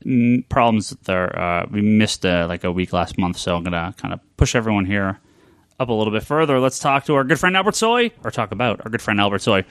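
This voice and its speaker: A man's voice: on the low side, brisk, clean tone, dry recording. Casual male podcast host reading thanks. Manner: relaxed, stumbling over names, apologetic.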